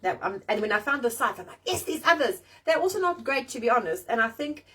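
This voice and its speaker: A woman's voice: fairly high pitch, quick pace, husky, distant mic. A middle-aged woman hosting a casual live-stream chat, talking bluntly and swearing freely as she rants and jokes. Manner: blunt, sweary, animated ranting. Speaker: host of a live chat show. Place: outdoors in the rain.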